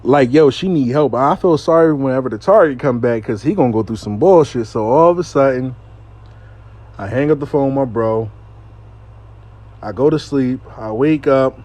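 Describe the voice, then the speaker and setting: A man telling a casual storytime monologue, animated and profane, acting out what people said. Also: medium pitch, normal speed.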